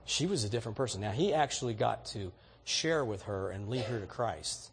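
A man's voice: fairly low pitch, animated, fairly quick, slight background noise. A man preaching a sermon, telling everyday stories in a folksy, exhorting way. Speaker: pastor.

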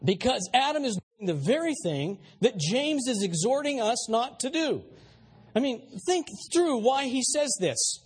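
A male pastor delivers a sermon in a high, husky voice with wide swings in pitch. He is emphatic, often turning to ask his listeners questions and stumbling over repeated words. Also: sing-song, unhurried.

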